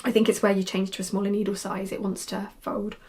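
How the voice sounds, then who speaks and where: A woman's voice: medium pitch, little pitch movement, fast talker, darkish tone. A young woman, chatty and rambling, talking casually about her knitting projects with frequent ums and restarts. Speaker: knitwear designer podcaster.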